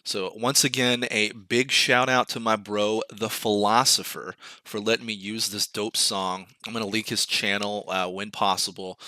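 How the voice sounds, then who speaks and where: A young man hosting a laid-back podcast, talking in a loose, joking ramble. His voice is bright and edgy, and it sits close on the mic with a dry, dead sound. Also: fairly low pitch, no echo. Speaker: podcast host. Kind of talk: casual podcast ranting.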